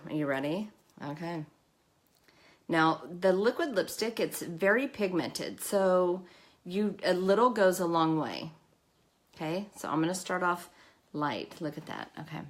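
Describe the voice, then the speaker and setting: A woman hosting a casual live makeup tutorial, chatting nervously and laughing at herself as she works. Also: lowish voice. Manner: chatty, nervous, self-deprecating, with a nervous cough. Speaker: makeup live-stream host.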